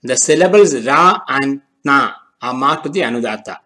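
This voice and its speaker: A man narrating a recorded language lesson at a middle pitch. He speaks in a measured, deliberate way and slows down on the key terms, like a teacher reading from a prepared script. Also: animated, pushed and bright, rough recording.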